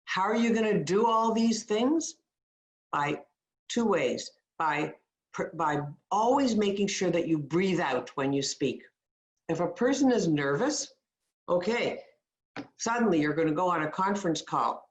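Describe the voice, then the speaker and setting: Slow, low-voiced woman coaching in an echoey room. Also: lively intonation. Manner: demonstrative, gives upbeat guided tips. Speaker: communication coach. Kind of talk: webinar voice coaching.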